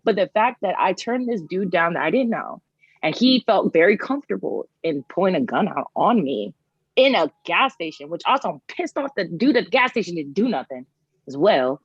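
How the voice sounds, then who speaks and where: A young woman on a chat panel, telling a personal story in an animated way with many "like" fillers. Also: fairly low pitch, normal speed, husky, dry recording. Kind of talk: casual chat. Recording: slightly dull, dry sound.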